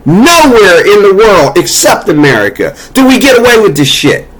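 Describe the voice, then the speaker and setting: A man's voice: sits high, very animated, normal speed, a bit bright. A man delivering a heated, profane political monologue, scolding and cursing as he talks. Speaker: political commentator. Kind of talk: angry monologue.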